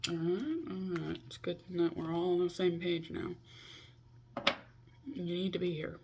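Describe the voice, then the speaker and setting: A woman in her twenties delivers a chatty, self-deprecating confessional vlog via video call, scolding herself as she talks. She's unhurried and flat, with a fairly low voice and background noise behind her.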